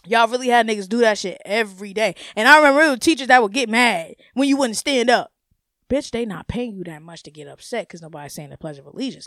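A young woman hosting her own podcast, ranting in a blunt, profane, animated way and laughing often. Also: high-pitched, quick pace, dry recording, clean studio sound. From United States. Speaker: podcast host. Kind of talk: casual solo podcast rant.

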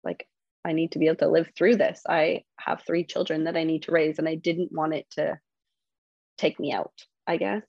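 A woman in her thirties talks in a reflective, halting way, with many fillers and restarts. Her low-pitched voice has a gravelly fry, and the recording is dry and a little dull. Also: flat delivery, a little mellow, dry recording. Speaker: guest. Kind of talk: candid conversational interview.

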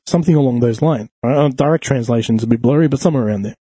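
A man telling a crude, animated story in casual chat, swearing freely. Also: mid-range voice, fast talker, husky, no echo. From Australia.

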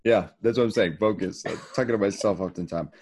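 A man's voice: fairly low pitch, fast, a little mellow, husky. A middle-aged man co-hosting a podcast, talking in a rambling, joking way with many restarts. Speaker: podcast co-host. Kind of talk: casual interview chat.

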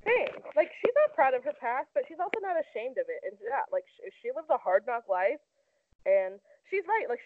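A woman's voice: high voice, dry recording. A young woman co-hosting a casual celebrity gossip chat, talking loosely with lots of "like". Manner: chatty, heavy use of "like". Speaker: co-host. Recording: tinny phone-like sound.

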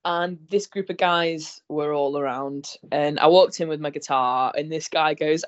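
A woman's voice: sits low, measured pace. A woman, a musician telling stories in a casual interview and acting out the voices of the people she quotes. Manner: animated storytelling, acts out quoted voices. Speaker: guest musician. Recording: dull lo-fi recording.

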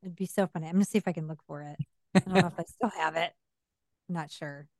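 A woman's voice: sits low, steady tone, quick pace, a little mellow, dry recording, clean studio sound. A woman in her forties co-hosting a casual podcast, talking with radio-style emphasis and laughing often. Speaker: podcast co-host and voice actor. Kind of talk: casual chat.

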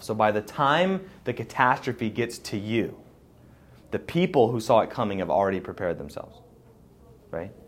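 A man with a somewhat low voice answers questions live before an audience, driving his points home by repeating them. His delivery is forceful and plain-spoken, in the manner of a preacher. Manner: emphatic and repetitive, preacher-like. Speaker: podcast host. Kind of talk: live Q&A talk. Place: live event in front of an audience.

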